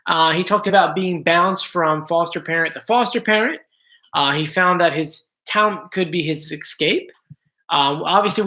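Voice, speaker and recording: A man's voice: high-pitched, pushed and bright. A man hosting a casual livestream, chatting to viewers with frequent restarts and apologetic asides. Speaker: host.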